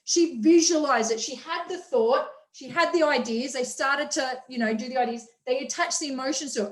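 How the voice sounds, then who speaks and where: A woman's voice: sits high, a little fast, hardly any pauses. A woman hosting a motivational online workshop, talking with energy and enthusiasm and acting out quotes. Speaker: workshop host. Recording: roomy echo.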